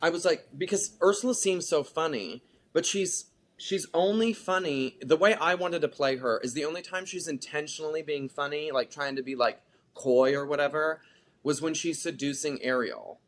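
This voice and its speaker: A theater actor chatting as a guest in a casual interview, animated and talkative, with lots of filler "like". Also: medium pitch, normal speed.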